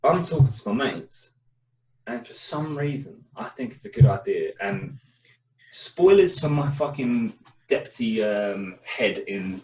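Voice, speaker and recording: A man's voice: on the low side, distant mic, slight background noise. A young man, co-hosting a casual chat show and telling a story with lots of swearing. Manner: swears a lot, animated storytelling. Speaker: podcast co-host. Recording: echoey room, away from the mic.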